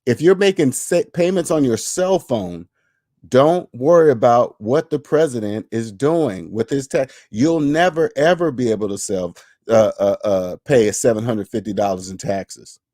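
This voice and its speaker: A man's voice: medium pitch, lively intonation, measured pace, dark tone, no room sound, clean studio sound. A man hosting a money channel, lecturing in casual livestream commentary, emphatic and repetitive, answering viewer chat. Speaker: finance channel host.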